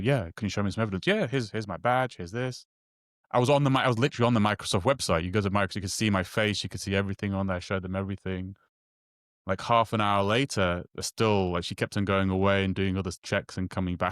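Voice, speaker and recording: A man with a fairly low voice tells a long personal story in casual conversation, halting through restarts and repeated words. He acts out the quoted dialogue, and the recording is dry and of studio quality.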